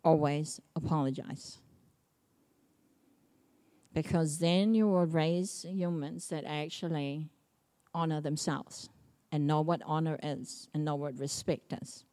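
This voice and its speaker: A middle-aged pastor delivers a sermon in a fairly low voice. She drives her points home by repeating them with emphasis. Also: fairly even intonation, slow pace, pauses often, mellow. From Samoa. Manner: emphatic, repetitive preaching.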